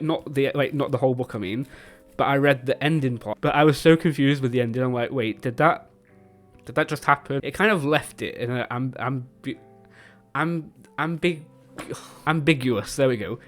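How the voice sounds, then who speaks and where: A British man talking through his monthly reads in an easygoing, rambling way. He trips over longer words, backtracks, and corrects himself mid-sentence. Faint music plays softly behind his voice. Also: mid-range voice. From Britain. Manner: chatty, self-correcting, stumbles over words and laughs at himself. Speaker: book vlogger. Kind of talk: casual book review chat.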